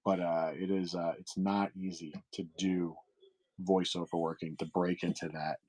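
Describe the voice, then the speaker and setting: A man's voice: deep voice, level tone, normal speed, darkish tone, poor audio. A middle-aged man hosting a livestream sale, chatting casually with viewers, rambling with lots of fillers and restarts. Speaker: livestream seller host.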